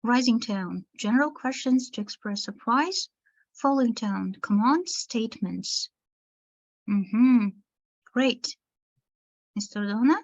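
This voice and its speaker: Woman teacher trainer, slightly high voice, explanatory webinar delivery over a dull video-call line. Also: takes it slowly, long pauses. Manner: explanatory, addresses listeners as dear teachers. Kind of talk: online webinar lecture.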